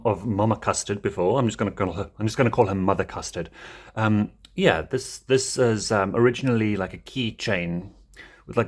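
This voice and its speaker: A man casually showing his plush toy collection in a rambling way, chuckling often. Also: lowish voice. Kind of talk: casual show-and-tell.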